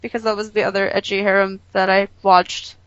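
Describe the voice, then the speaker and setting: A woman's voice: medium pitch, flat delivery, brisk, clean tone, no echo, dull audio. A woman co-hosting a podcast in casual chat, rambling with lots of fillers and the odd swear over a call. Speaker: podcast co-host.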